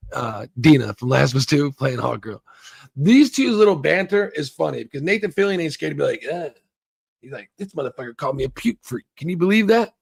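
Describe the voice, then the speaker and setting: Gravelly, profane man recapping a show. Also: a little high, a little mellow, no echo, studio quality. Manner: rambling, swears a lot, acts out quoted lines. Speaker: show reviewer. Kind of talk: casual profane recap and review.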